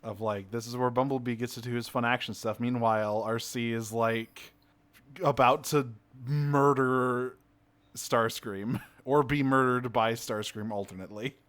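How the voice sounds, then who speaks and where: A man's voice: medium pitch, a little slow. A man co-hosting a podcast, chatting casually about a cartoon episode and acting out the characters' lines. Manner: animated, acts out character lines. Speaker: podcast co-host. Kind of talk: casual chat recapping a cartoon.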